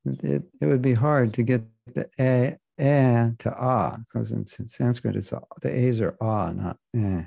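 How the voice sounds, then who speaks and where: Man, spiritual teacher, scripture class, casual and joking, dark gravelly voice. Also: medium pitch, unhurried, few pauses, dry recording. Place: class in Florida.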